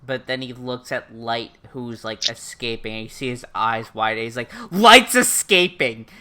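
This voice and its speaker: A woman's voice: very deep voice, flat delivery, moderate pace, fairly bright tone, clear, resonant tone. A woman casually recapping an anime with a co-host, chiming in and narrating the plot. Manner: chimes in with short reactions, then narrates the plot. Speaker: podcast co-host.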